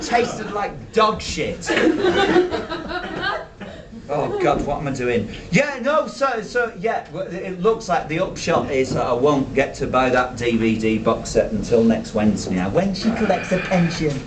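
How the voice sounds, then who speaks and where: A man in his thirties playing a nerdy, petulant male sci-fi fan with a Yorkshire accent, shouting and stammering his way through live character stand-up. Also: sing-song, measured pace, distant mic, crowd noise. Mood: ranting. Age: 30s. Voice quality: high, shouty, stammering and indignant. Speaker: comedy character performer. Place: small theatre stage with a live audience. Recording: roomy live venue from afar, audience.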